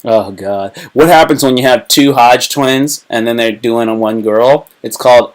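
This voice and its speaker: A man's voice: mid-range voice, normal speed, hardly any pauses, rough recording. A man hosting a casual livestream, rambling and joking in heavy slang. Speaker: livestream host.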